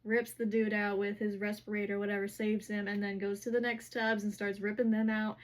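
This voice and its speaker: A book recap vlogger casually summarizes a fantasy novel in a medium-pitched, fairly monotone voice, speaking a little quickly. She rambles, constantly using "like" and "whatever."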